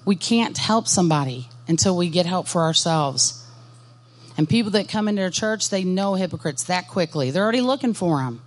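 A woman's voice: fairly low pitch, lively intonation, fairly quick. A woman giving a Christian ministry workshop talk, speaking in an earnest, direct way and putting questions to her audience. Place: conference workshop session.

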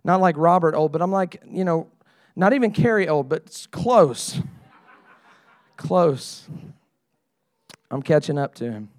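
A middle-aged man preaches in a high voice, casual and conversational one moment, earnestly pleading the next. The sound is close and dry, with little room around it. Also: animated, measured pace, pauses often, dry recording. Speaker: pastor. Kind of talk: sermon.

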